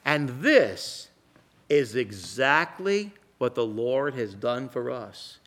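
A man preaching a sermon and telling illustrative stories, in a slow, dramatic delivery that drops to a hush for emphasis. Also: mid-range voice, animated.

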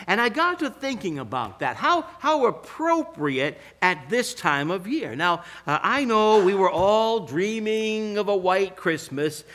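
Older guy preaching, tells stories, slow and emphatic, voice sits a bit high. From Pacific Northwest US. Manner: storytelling, emphatic and animated. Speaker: pastor. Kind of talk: sermon.

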